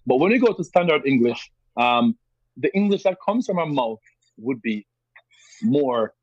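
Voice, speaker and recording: Speaking with a strong Jamaican accent, a man from Jamaica joins a podcast as a guest for casual conversation. His mid-range voice moves at a measured pace, emphatic and animated, and he often repeats himself. The audio is dull, with no echo.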